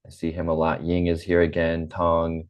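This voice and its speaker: On a video call with lo-fi sound from his computer mic, a forties-aged man from the United States leads an online English lesson. His General American voice is deep and completely flat, and he speaks slowly and patiently, saying things more than once.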